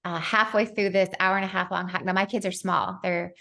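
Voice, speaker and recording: A woman in her thirties hosting a podcast, telling a family story in a lively, laughing way. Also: fairly low pitch, a little fast, creaky. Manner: animated storyteller, laughs often. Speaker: podcast host. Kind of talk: casual interview chat.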